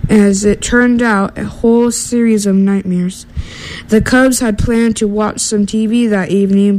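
A woman reading a children's storybook aloud in a steady, gentle way, with small slips and restarts. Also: mid-range voice, low-quality recording.

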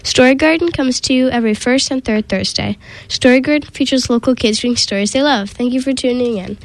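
A woman hosting a community radio show and reading a children's picture book aloud, with gentle delivery and small slips and restarts. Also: high voice, a little fast, poor audio.

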